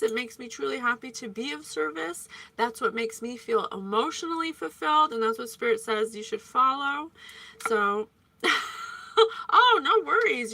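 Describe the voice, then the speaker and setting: A woman's voice: high-pitched, pushed and bright, a little hiss or hum. A woman giving a chatty psychic reading, playful and prone to tangents. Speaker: psychic reader. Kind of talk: casual psychic reading monologue.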